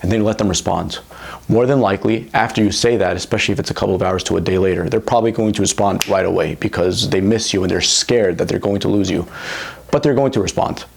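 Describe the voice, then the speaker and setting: A man's voice: low voice, fast talker, creaky, husky. A young adult man giving blunt, profane dating advice straight to the camera as a coach, with heavy emphasis. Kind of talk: direct-to-camera advice monologue.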